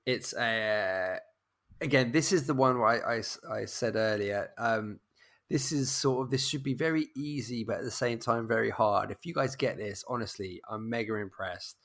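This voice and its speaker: A man's voice: medium pitch, normal speed, a bit bright. A man hosting a podcast film quiz, talking casually and with some hesitation. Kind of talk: casual chat.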